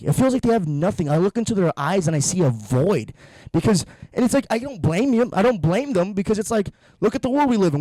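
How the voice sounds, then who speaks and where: Young male podcast host, high pitch, blunt profane rant, rambling restarts, dry recording. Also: a little mellow, no echo. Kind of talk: casual comedic monologue.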